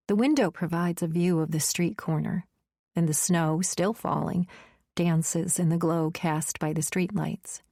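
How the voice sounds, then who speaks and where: Woman audiobook narrator, lower voice, dry close sound, steady delivery. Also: creaky, dry recording.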